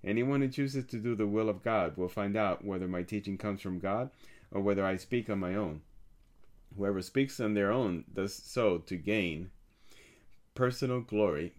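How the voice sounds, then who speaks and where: A calm, solemn teacher speaks in an earnest, measured way, as a man reads his words aloud. The voice sits fairly low and never hurries. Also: lightly acted.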